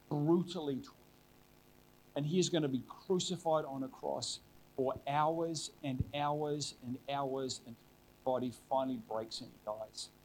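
A middle-aged man with a slightly high voice preaches a sermon, sharing a personal story in an earnest, conversational way and frequently restarting his sentences.

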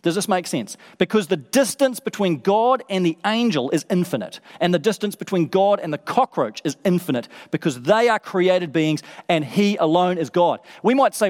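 High-voiced preacher in a reverberant hall. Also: male voice, animated, normal speed, few pauses. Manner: emphatic, repeats phrases for effect. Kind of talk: sermon. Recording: long reverb of a large hall.

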